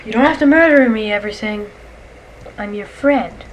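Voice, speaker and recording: A woman giving casual gameplay commentary, excitable and chatty, yelling and shrieking when monsters attack and chatting to the creatures. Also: fairly high pitch, moderate pace, muffled recording, slight background noise. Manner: excitable, shrieks and yells at enemies; chatty, talks to game creatures. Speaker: let's play gamer.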